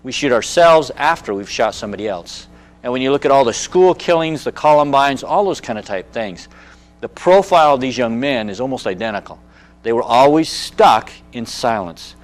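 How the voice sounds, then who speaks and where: Speaking at normal speed in a mid-range voice, a sixty-something man presents on managing anger. He tells stories from his own life with animation, performing the quotes and voices of the people involved.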